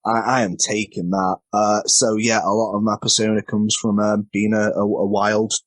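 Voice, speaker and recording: This wrestler guest talks in a fairly low, level voice at an ordinary speed, captured in a dry recording. Over a casual interview, he wanders through self-mocking anecdotes, often stumbling as he speaks.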